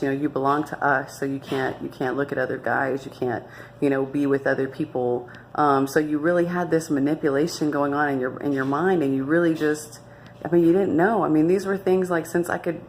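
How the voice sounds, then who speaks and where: A young woman with a low voice tells her own story in a candid, unscripted way. She speaks earnestly and emphatically, often stopping to restart her sentences. A faint hiss sits under her voice. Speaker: vlogger sharing her life story. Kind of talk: candid personal testimony.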